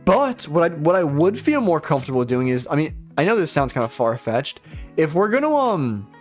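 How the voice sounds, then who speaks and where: A young futures trader talks on a live stream while trading, rambling casually, swearing often and poking fun at himself. His fairly high voice has a sing-song quality at a moderate pace, with soft music in the background.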